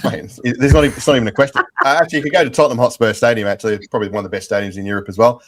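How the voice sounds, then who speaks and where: A man's voice: mid-range voice, steady tone, a bit bright. A man from England hosting a football podcast, joking and bantering as he throws questions to his guests. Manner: jokey, bantering, moves quickly between questions. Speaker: podcast host. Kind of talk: casual football chat.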